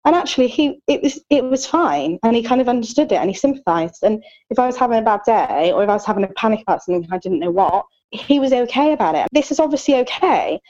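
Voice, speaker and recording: A woman's voice: fairly high pitch, animated, fast, hardly any pauses, a little mellow. Chatty woman, dull lo-fi sound. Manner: open and chatty, many fillers, joking self-deprecation. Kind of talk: candid casual chat.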